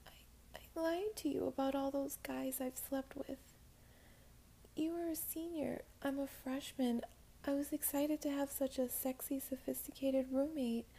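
A woman putting on a scared young college girl, her voice pitched up high and quivering with fear. She pleads in small, shaky phrases, often dropping to a whisper in this whispered storytelling. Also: creaky, warm tone, full character voice.

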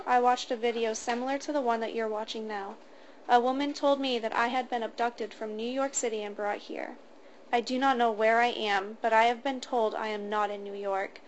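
A woman's voice: a little high, slight background noise, natural voice, rough recording. A woman voicing a frightened young woman who stutters tearfully while reading out a statement in a story.

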